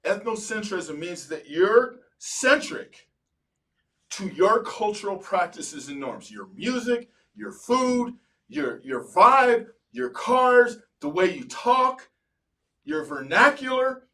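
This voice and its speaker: A man hosting a podcast as a psychologist, telling stories in an animated way and slowing to stress points. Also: sits high, far from the mic, rough recording. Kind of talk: casual interview chat.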